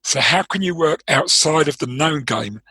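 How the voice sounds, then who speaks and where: London man, bright yet husky voice. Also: fairly high pitch, animated, moderate pace, dry recording, poor audio. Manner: thoughtful, explanatory, with frequent restarts and repeated words. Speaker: trading performance coach, interview guest. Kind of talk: interview conversation.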